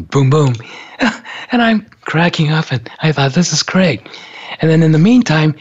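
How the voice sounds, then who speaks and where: A man telling a story in a relaxed, casual way, laughing often between thoughts. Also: on the high side, breathy edge. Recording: dull lo-fi sound.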